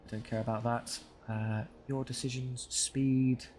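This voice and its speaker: A man's voice: mid-range voice, level tone, unhurried, a little mellow, slight background noise. A young man commentating his own strategy game, talking to his units with wry frustration over a desk microphone. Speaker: gaming channel host. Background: game music.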